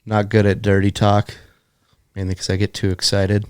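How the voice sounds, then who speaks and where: A man co-hosting a studio podcast, telling jokes and short stories in an animated, casual way. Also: on the low side, normal speed, smooth, dry recording. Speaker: podcast co-host. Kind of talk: casual joke-telling chat.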